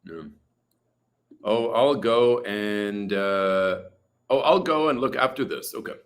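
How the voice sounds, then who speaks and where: Speaking slowly in a fairly low voice, this Canadian man hosts a livestream from a hot room at home where a fan is going. He's from British Columbia and rambles chattily through viewer comments, leaning heavily on fillers like "uh" and "you know."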